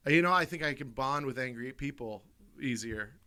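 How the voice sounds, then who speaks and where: In a podcast studio, a comedy podcast co-host with a sharp, mid-range voice speaks at a moderate pace with lively intonation. His stories ramble casually and self-amusedly, and he laughs partway through them.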